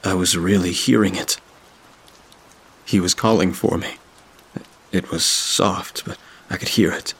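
A man narrating a scripted horror story in a measured, steady way. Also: low voice, husky.

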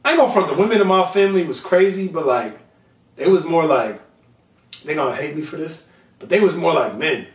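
A man's voice: fairly high pitch, animated, a little fast, far from the mic. Casual podcast co-host, male, ribs his partner in loose slang; mic set back in a roomy space. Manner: teasing, joking, loose slang. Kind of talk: casual banter.

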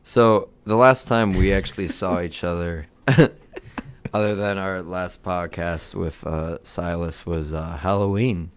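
A young man co-hosting a casual podcast, laid-back and quick to laugh and tease his friend. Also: sits low, fairly even intonation, a little hiss or hum. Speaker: podcast co-host. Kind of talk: casual chat.

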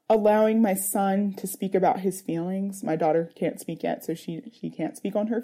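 Earnest mother with a very dark tone. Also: medium pitch. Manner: earnest, searching, with many fillers. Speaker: interviewee, mother. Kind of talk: reflective personal interview.

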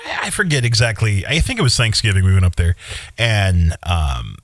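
A man in his thirties from Minnesota, co-hosting a casual chat. His fairly low voice swings widely in pitch as he rambles through stories with restarts. The sound is dry and close. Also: very animated, normal speed, dry recording. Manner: rambling anecdotes with restarts and laughs. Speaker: podcast co-host.

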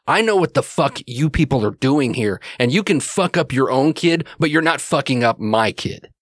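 A man's voice: mid-range voice, animated, moderate pace, no room sound, pitched above the performer's own voice, lightly acted. Man doing an enraged dad, hostile and cursing, tabletop game, dry sound. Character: angry father storming off, man, adult.

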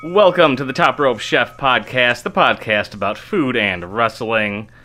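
Male podcast host, jokey and rambling, bright tone. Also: medium pitch, measured pace. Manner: rambling, jokey, searching for words. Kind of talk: casual podcast chat.

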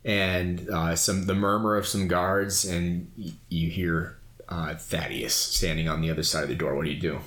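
A man's voice: sits low, little pitch movement, moderate pace, fairly bright tone, echoey room. A man running a tabletop game as game master, narrating scenes in a descriptive, loose way.

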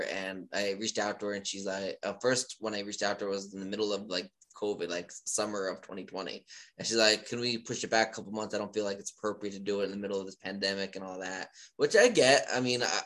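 A man in casual chat as podcast host, rambling with many filler pauses. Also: fairly low pitch, sharp tone.

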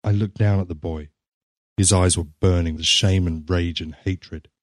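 A man reading a story aloud in a measured, grave narrating manner. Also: low voice, fairly even intonation, no room sound, clean studio sound.

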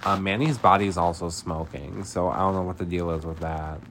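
A man's voice: sits low, fairly even intonation, a little fast, a bit bright, slight background noise. A man hosting a podcast, recapping a film in chatty, slangy casual talk with lots of filler words. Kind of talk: casual chat.

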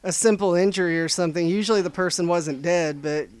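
A man's voice: sits high, quick pace, clean tone. A man hosting a casual podcast chat and telling a story. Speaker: podcast host.

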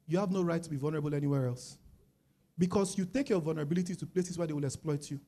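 A Nigerian man preaching with a fairly high voice. He is animated and acts out the people he quotes. His delivery climbs to loud, forceful passages. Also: rapid-fire. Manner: lively, acts out quoted voices, rises to loud emphatic stretches. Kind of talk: sermon.

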